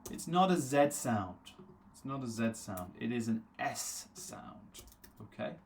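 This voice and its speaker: Man, English teacher, live online class, slow repeated pronunciation drills, answers chat comments by name, mid-pitched voice. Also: expressive, a little hiss or hum. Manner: reads viewer names aloud from the chat and answers them.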